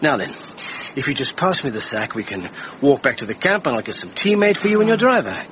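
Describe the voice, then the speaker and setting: A man's voice: medium pitch, very animated, brisk, lightly acted. A man acting a patient, reassuring animal rescuer in a radio drama. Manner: soothing, patient. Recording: dull lo-fi radio drama recording with clear background noise.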